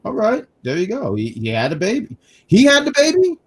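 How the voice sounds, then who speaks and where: A man co-hosting a casual wrestling review stream, talking in quick restarts and reading chat comments aloud. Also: high-pitched, huge pitch swings, husky. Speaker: wrestling review show co-host.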